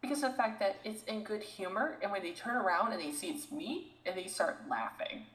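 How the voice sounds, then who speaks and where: A woman co-hosting a podcast, ranting in an animated, exasperated way in casual chat. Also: medium pitch, a little fast, reverberant, rough recording. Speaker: podcast co-host.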